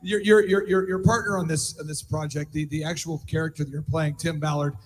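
A man hosts a conference from the stage, quick and a little choked up, stumbling over his words. His higher voice rings with hall reverb over faint room noise. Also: flat delivery. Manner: quick, emotional, stumbling on repeats. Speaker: conference host. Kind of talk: stage hosting.

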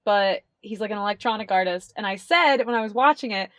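A young adult woman co-hosts a casual podcast, chatting in a loose, rambling way and swearing freely. Her voice sits at a medium pitch. The recording is very dry, with no room sound. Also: fairly quick, fairly bright tone, dry recording. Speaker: podcast co-host. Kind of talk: casual chat.

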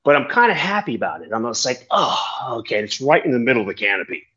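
A man's voice: mid-range voice, quick pace, slightly rough. Aussie guy rambling through a skydiving story, cusses a lot, sound kinda dull. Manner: rambling, animated, swears freely. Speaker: tandem skydiving instructor. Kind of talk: casual storytelling chat.

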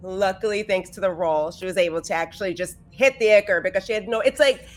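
A woman's voice: medium pitch, quick pace. A woman player in a tabletop game, animatedly describing what her character does. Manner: animated storytelling.

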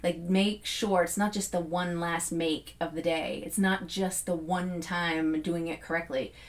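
A woman's voice: on the low side, fairly even intonation, measured pace. A middle-aged woman hosting a podcast, giving casual motivational talk with frequent fillers and laughs. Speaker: podcast host.

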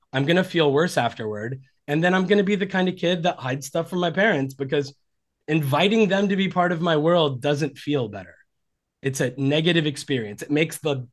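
A man in his forties, a relationship coach talking earnestly and reflectively on a podcast. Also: fairly high pitch. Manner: earnest and reflective, acting out quoted dialogue. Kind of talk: conversational podcast interview.

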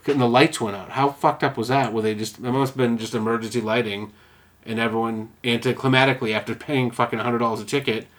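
Guy cohosting a podcast, swears constantly, tells the story animated. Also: medium pitch, quick pace. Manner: profane, storytelling, acts out quotes. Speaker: podcast co-host. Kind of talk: casual chat.

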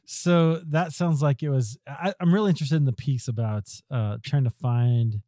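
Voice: medium pitch, normal speed, mellow, dry recording, studio quality. A podcast host interviewing a guest, encouraging and responsive, with reflective follow-up questions. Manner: encouraging, responsive, laughs along.

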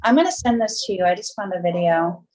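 A woman's voice: mid-range voice, lively intonation, fast talker, a little mellow, low-quality recording. A woman guesting on a film podcast, talking casually with hesitant ums. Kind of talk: casual chat.

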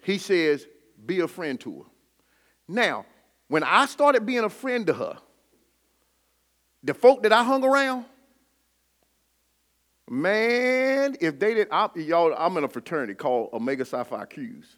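Preacher guy, middle-aged, high bright voice, call and response, gets shouty. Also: very animated, measured pace, pauses often. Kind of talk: sermon with personal testimony.

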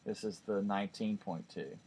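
A man with a fairly low voice chats in a laid-back way, hesitant and full of fillers. His talk is easygoing and unpolished. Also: normal speed, a little mellow, a little hiss or hum. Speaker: podcast co-host. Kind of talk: casual chat.

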